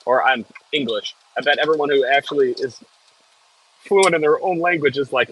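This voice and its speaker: On a low-quality recording with a little hiss or hum, a U.S. equipment operator chats casually on his live stream. He sits in the cab of a heavy machine bouncing over frozen ground outside, reading viewer messages and swearing at the jolts, in a medium-pitched, fairly bright voice at a moderate pace.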